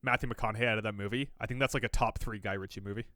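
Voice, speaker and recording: A man's voice: fairly low pitch, fairly even intonation, racing, bright, forceful tone, no echo, clean studio sound. A man co-hosting a podcast in casual chat, teasing his co-host and cracking jokes. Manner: teasing, wisecracking.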